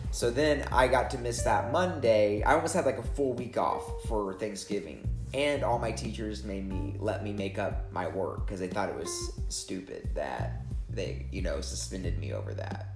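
Woman, casual chat storyteller, rambling and lively when acting out scenes. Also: extremely low pitch, normal speed, music in the background.

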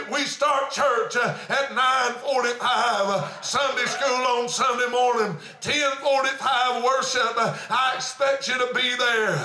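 Man, fervent preacher, shouting peaks, lots of "uh", very high pitch, reverberant church. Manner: fervent preaching that swells into shouts, with frequent "uh" fillers. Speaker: pastor. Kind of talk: storytelling sermon. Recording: echoey church sanctuary.

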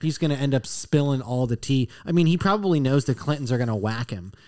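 A man's voice: mid-range voice, lively intonation, fast talker, darkish tone, dry recording, clean studio sound. A man co-hosting a casual political podcast, blunt and profane, often mocking people with put-on quotes. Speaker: podcast co-host.

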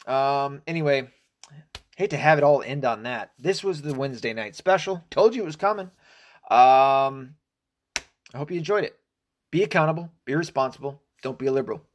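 A man hosting a podcast, telling stories in a profane, rambling, casual monologue. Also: fairly high pitch. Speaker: podcast host.

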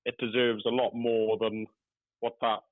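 A man's voice: mid-range voice, level tone, measured pace, no echo. A man calling in to a show, chatting casually about theme parks and swearing now and then, heard over a phone line. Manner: chatty, swears casually, says "you know" a lot. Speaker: caller. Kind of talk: casual chat.

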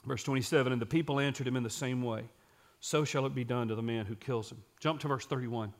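A man preaching a sermon who reads scripture aloud and pauses to explain it, sometimes dropping to a quiet, intense voice for emphasis. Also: medium pitch, fairly even intonation.

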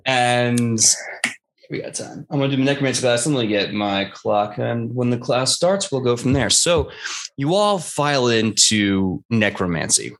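A man's voice: mid-range voice, animated, normal speed. A man narrating as game master in a loose, rambling way. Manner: loose, rambling descriptions with fillers.

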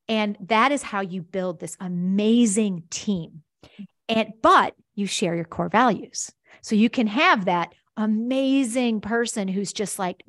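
A woman's voice: medium pitch, no echo, clean studio sound. A middle-aged woman, a company founder, answering interview questions enthusiastically and acting out the voices she quotes. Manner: enthusiastic, acts out quoted voices, laughs easily. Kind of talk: animated conversational interview answer.

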